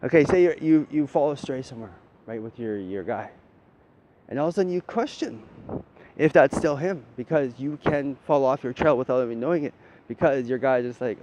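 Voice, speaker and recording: A man's voice: brisk, a little mellow. A man giving a rambling spiritual monologue, often ending his points with "right?" and swearing casually. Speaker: spiritual talker. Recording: dull lo-fi audio with faint rumble.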